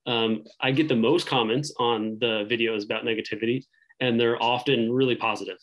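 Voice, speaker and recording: A man in relaxed conversation as a podcast guest, with a voice of middling pitch. He rambles and thinks aloud. His sentences restart often and fill up with "like" and "um.". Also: brisk, low-quality recording. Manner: rambling, heavy use of "like" and "um". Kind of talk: casual interview chat.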